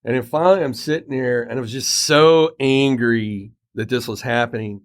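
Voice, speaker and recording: Middle-aged male podcast host, lively storyteller, mid-range voice. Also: medium pitch, normal speed. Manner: animated anecdote teller, acts out quoted dialogue. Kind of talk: casual storytelling chat. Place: Colorado home.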